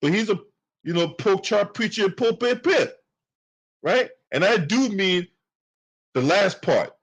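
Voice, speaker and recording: A man's voice: sits high, animated, a little slow. A man delivering heated, profane political commentary with speech patterns, repeating himself as he rants. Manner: heated, profane, repetitive ranting.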